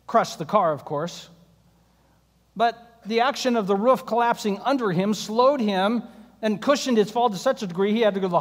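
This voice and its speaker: A male pastor preaching a sermon, telling stories with wry jokes. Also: high voice. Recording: long hall reverb.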